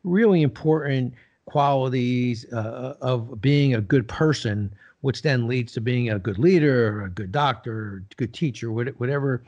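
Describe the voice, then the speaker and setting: Older male guest, animated storyteller, mid pitch, lo-fi podcast sound. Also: a little slow. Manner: animated storyteller, acts out quoted dialogue. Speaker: podcast guest, business leader. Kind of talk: casual interview storytelling. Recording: slightly dull lo-fi sound.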